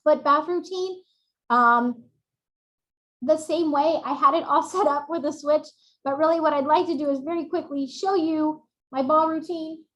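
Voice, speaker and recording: A woman presenting a webinar, demonstrating routines in an animated way, recorded on a webcam at home. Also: high-pitched, normal speed, roomy sound, rough recording. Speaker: workshop presenter.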